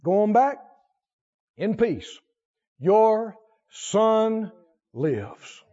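A man preaching a sermon in call-and-response style, repeating lines and swinging from hushed to loud. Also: sits high, sing-song, drawn-out words. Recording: dull lo-fi recording.

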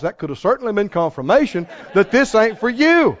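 A man preaching a sermon who rises into shouts and calls out questions to the congregation. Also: high voice, sing-song, fairly quick, muffled recording.

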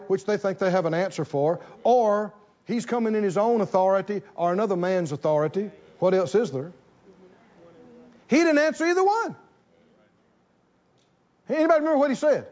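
Male preacher, high voice, repeats lines for emphasis, church congregation, muffled sound. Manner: animated, repeating phrases for emphasis. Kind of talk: sermon.

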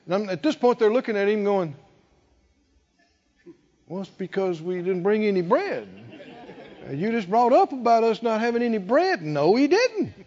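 A man's voice: high-pitched, normal speed, pauses often. A middle-aged male preacher delivering a sermon, acting out quoted conversations with humor. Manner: animated, acts out quoted dialogue with humor. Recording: dull lo-fi sound with long hall reverb.

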